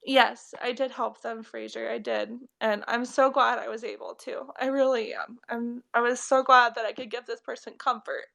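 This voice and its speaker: A young woman, a spiritual reader, crying as she speaks warmly and earnestly to viewers on a live stream. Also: on the high side, steady tone, normal speed, vocal fry, hardly any pauses. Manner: tearful, heartfelt, affectionate.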